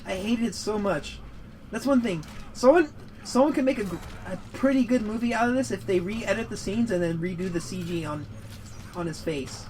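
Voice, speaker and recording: High-voiced man ranting over gameplay. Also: normal speed, a little mellow, slight background noise, poor audio. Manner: rambling, profane, prone to heated rants. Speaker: gaming show co-host. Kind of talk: casual gaming commentary and movie rant.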